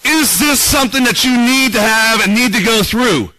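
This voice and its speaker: A man delivers a sermon in a relaxed, conversational way, reading passages aloud and asking listeners what breaks their heart. His voice sits high and sounds bright and forward, recorded dry and close with almost no reverb. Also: moderate pace. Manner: conversational preaching, reads scripture aloud, rhetorical questions. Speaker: pastor.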